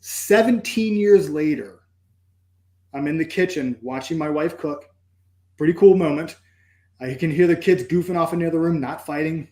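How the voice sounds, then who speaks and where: A man with a slightly high, slightly mellow voice talks at a moderate pace in a reverberant space. As a podcast guest, he shares a personal story earnestly and reflectively, voicing his own inner thoughts with "I'm like."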